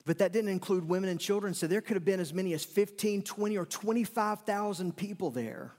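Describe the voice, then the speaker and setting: Pastor preaching in a reverberant hall. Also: male voice, high voice, a little fast, a little mellow. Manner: conversational preaching with sudden bursts and emphatic repetition. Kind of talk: sermon. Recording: long reverb of a large hall.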